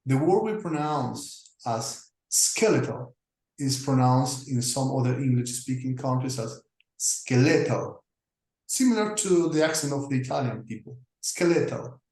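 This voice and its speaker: A man teaching a lesson, talking through slides deliberately with frequent pauses and fillers. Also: medium pitch, animated, darkish tone. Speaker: English teacher. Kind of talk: slow explanatory lecture over slides. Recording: echoey room.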